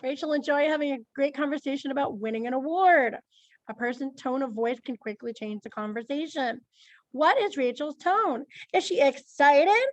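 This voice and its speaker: A woman's voice: high voice, moderate pace, dry recording, highs cut off. A woman teaching an online class, chatty and questioning, calling on students by name. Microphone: computer mic on a video call.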